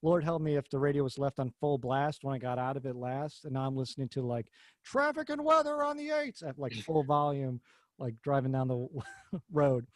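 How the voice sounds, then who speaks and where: Guy hosting a car podcast, rambly and jokey, cusses a bit, medium pitch, dry close sound. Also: level tone, a little fast, darkish tone, no room sound. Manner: rambling, jokey, swears casually. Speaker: podcast host. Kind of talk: casual car chat.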